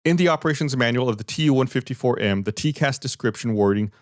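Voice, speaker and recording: A man's voice: medium pitch, fast, no echo, studio quality. A man hosting a podcast, explaining events and reading findings in a loose, conversational way. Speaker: podcast host. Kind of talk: casual podcast discussion.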